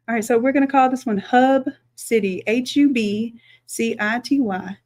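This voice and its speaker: At a normal pace and a fairly high pitch, a female design instructor chats through a streamed software lesson. She thinks out loud and talks to her audience as y'all.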